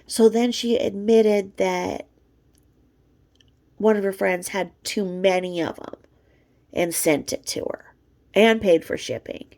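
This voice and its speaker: A woman's voice: medium pitch, slow, vocal fry, long pauses, darkish tone. A woman talking in a profane, mocking gossip commentary vlog, snacking between remarks. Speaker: vlogger.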